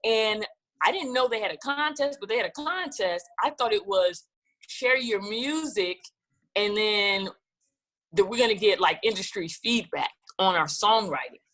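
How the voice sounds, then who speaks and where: A woman, a gospel singer-songwriter, being interviewed and telling her story in a lively, animated way. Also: mid-range voice, a little slow. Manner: animated, acts out quoted dialogue.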